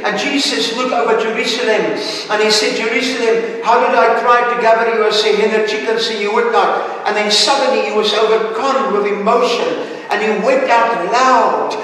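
A man preaches with a high voice to a Sunday congregation, earnest and at times searching for words. He sounds far from the microphone, his voice carrying through a big echoing hall with a long reverb. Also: pushed and bright, a little hiss or hum. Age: older. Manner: earnest preaching, hesitant fillers. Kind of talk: sermon. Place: church service.

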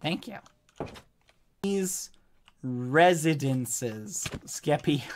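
A man live-streaming a game, talking in a pleading, apologetic way with loud exclamations. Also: sits high, animated, a little slow, a little hiss or hum. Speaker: gaming streamer. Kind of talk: live-streamed gameplay chat.

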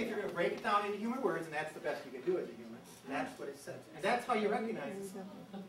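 A man giving a lively, jokey bird talk to an audience, breaking into bird-call imitations. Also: high-pitched, fast, noisy background. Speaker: bird expert giving a presentation. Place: meeting room with an audience. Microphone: distant from the microphone. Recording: echoey room from far off.

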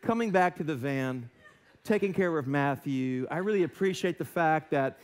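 A man's voice: fairly high pitch, expressive, normal speed. A male American pastor giving a sermon in a church, telling a self-deprecating story and acting out voices. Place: church sanctuary.

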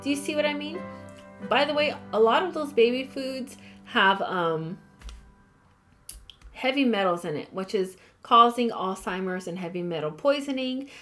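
A woman's voice: a little high, animated, normal speed, a bit bright, faint music behind. A woman giving a casual Bible study, reading scripture aloud and adding chatty, apologetic asides. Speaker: Bible teacher.

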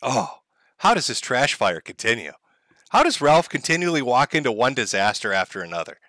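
Man on a livestream, mocking and profane, lively swinging pitch, bright voice, dry close sound. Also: a little fast, no echo. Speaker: streamer host. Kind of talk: livestream commentary.

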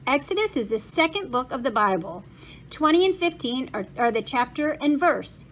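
A woman's voice: high-pitched, big pitch swings, normal speed, a bit bright, a little hiss or hum. A woman reading a methodical schoolboy. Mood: focused. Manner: explaining, methodical.

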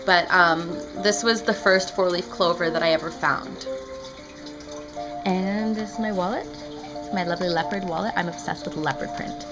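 A woman's voice: lowish voice, fairly even intonation, moderate pace, over music, rough recording. A young woman chatting casually in a home vlog, playful and goofy, slipping into sing-song. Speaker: vlogger. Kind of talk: casual vlog with silly made-up songs. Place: indoors at a window at home. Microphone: camera mic.

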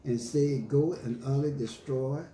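A man's voice: mid-range voice, fairly even intonation, moderate pace, dark tone. A man preaching a sermon, reading scripture aloud and retelling it in emphatic street slang, with listeners answering him. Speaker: pastor. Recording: echoey room with faint ambience.

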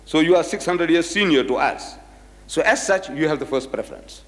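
Older man, storyteller lecturer, fairly high voice, animated delivery, long hall reverb. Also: moderate pace. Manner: storytelling, acting out quoted voices. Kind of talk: religious lecture telling anecdotes.

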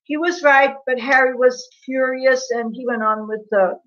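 A woman's voice: high-pitched, fairly even intonation, normal speed, a bit bright. A woman hosting a casual livestream, chatting in a gossipy, laughing way and answering viewers' comments by name. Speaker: livestream host. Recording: dull lo-fi livestream audio.

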